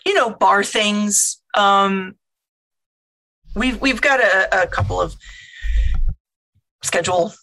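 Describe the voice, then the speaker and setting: A woman speaks very slowly as a player in a tabletop game. Her voice is bright and forceful, and her tone is hesitant and wry. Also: mid-range voice. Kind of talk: casual tabletop game play.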